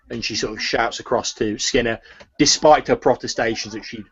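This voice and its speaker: A man's voice: mid-range voice, breathy edge, dull audio. Man narrating a tabletop game. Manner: halting, descriptive narration. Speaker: game master.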